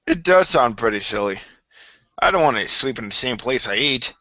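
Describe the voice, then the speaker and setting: A man's voice: medium pitch, animated, moderate pace, pushed and bright, dry recording. A man playing a tabletop game, speaking casually and wryly about his character. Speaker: player.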